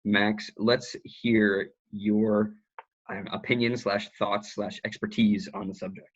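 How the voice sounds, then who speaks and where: A man's voice: on the low side, little pitch movement, slow, breathy edge. A young man co-hosting a casual podcast, laid-back and agreeable. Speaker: podcast co-host. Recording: dull lo-fi mic with faint noise.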